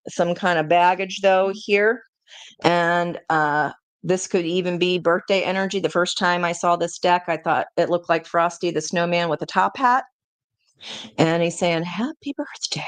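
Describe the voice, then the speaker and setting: A woman leads a live tarot reading in an unhurried, chatty way, talking straight to the people watching and restarting her sentences. Her voice sits a little low. The sound is close and dry, with no room echo. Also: smooth. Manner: chatty, talks straight to viewers; self-interrupting, many fillers and restarts. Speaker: tarot reader.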